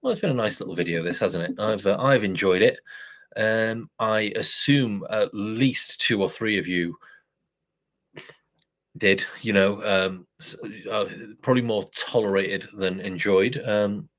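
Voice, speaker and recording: A man's voice: lowish voice, measured pace, a bit bright. A man hosting a live beer review stream, rambling and self-deprecating with plenty of swearing. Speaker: beer review channel host. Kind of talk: casual live-stream chat.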